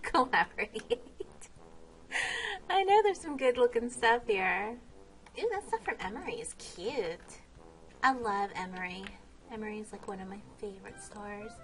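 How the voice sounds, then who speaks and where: Giggly woman vlogging a game, slow talk. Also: a little high. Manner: giggly, exclaims often. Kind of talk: casual game vlog commentary.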